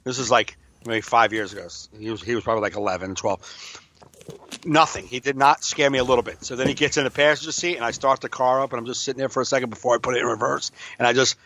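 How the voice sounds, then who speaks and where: A middle-aged man co-hosting a podcast, telling stories with animation and laughing easily. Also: mid-range voice. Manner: animated storyteller, quick to laugh. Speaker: podcast co-host. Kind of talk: casual chat.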